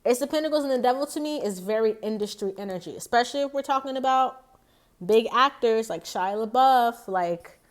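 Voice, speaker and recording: A woman doing a casual tarot reading, talking to her viewers in a rambling, chatty way full of fillers and restarts. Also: mid-range voice. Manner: talks straight to viewers. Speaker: tarot reader.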